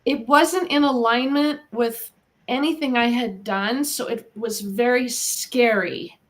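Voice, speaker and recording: A middle-aged American woman with a fairly high voice talks as an interview guest. She tells her story in an earnest, lively way and encourages the listener. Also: slow pace. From United States. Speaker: guest, animal communicator. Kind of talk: casual interview talk.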